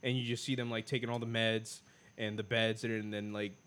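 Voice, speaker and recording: A man's voice: fairly low pitch, little pitch movement, fairly quick, fairly bright tone, clear, resonant tone. Rambling, profane young man. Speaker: podcast co-host. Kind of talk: casual chat.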